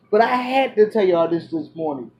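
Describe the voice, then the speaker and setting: Woman vlogger, casual storytelling, animated, loud exclamations and hushed asides, chatty with restarts. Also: mid-range voice, muffled recording. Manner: chatty, many fillers and restarts.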